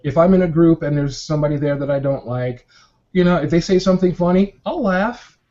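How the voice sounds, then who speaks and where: A man's voice: fairly high pitch, fairly quick, dark tone. A man on a live video-call panel, talking candidly and bluntly about himself and swearing freely. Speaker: panel member. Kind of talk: casual chat on a video call. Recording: dull lo-fi video call audio.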